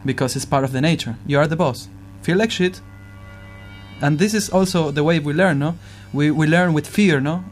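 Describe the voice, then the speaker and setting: There's slight background noise as a man with a voice on the high side speaks at normal speed. A musician in conversation, he keeps the reflective chat casual and earnest, pausing to find his words and asking rhetorical questions.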